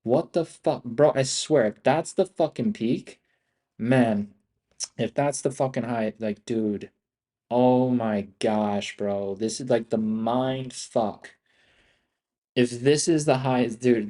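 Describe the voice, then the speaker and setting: Frustrated swearing young man, mellow voice. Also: medium pitch, slow pace. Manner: frustrated, heavy swearing, repeats "bro" and "dude". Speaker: day trader streaming live trades. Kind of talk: live trading commentary.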